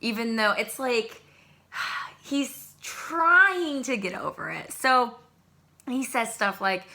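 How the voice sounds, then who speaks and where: A young adult woman casually recapping a reality show to camera in an excitable, chatty way. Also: fairly high pitch, slow pace, creaky. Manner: chatty, excitable, animated asides. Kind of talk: casual chat.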